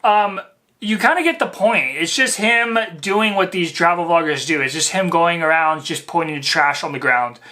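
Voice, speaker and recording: A man's voice: fairly high pitch, moderate pace, sharp tone. A man hosting a reaction video, talking in a rambling, mocking way full of fillers. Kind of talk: casual commentary.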